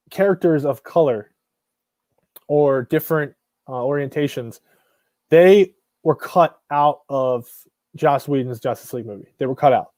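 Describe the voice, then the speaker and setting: A man's voice: on the high side, mellow, dry recording, clean studio sound. Blunt, rambling male stream host. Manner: blunt, rambling, frequent restarts and mild swearing. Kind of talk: casual live stream commentary.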